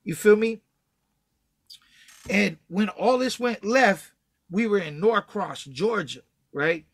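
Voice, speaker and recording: High-voiced man telling a profane story. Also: lively intonation, slow, dry recording. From Texas. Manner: profane, slangy, acts out quotes loudly. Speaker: guest. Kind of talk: casual storytelling.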